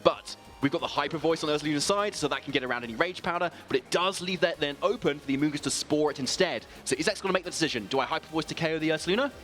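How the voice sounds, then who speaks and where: Male game analyst, brisk and slightly high, faint music behind. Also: a bit bright. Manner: fast analytical explaining. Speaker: esports analyst. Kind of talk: live color commentary.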